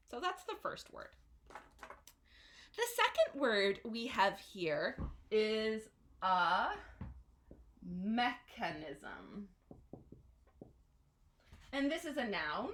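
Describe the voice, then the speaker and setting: Slow, lively-voiced woman teaching vocabulary. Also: mid-range voice, a little hiss or hum. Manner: slow, careful explanations with repeated modeled pronunciations. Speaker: English teacher. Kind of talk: vocabulary lesson. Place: classroom at a whiteboard.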